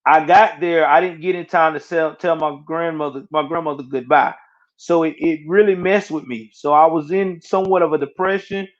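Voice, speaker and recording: A man with a slightly high voice tells a painful personal story in a relaxed, halting way, repeating and restarting his words. The audio is muffled and lo-fi, like a home recording. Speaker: interview guest. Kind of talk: personal storytelling in casual chat.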